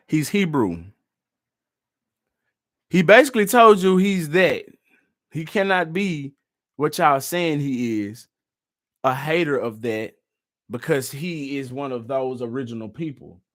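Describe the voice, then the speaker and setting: A man's voice: fairly high pitch, animated, slow pace, pauses often, fairly bright tone, no room sound, studio quality. A man vlogging casually and reacting to clips, slangy and loose. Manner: laid-back, slangy and loose.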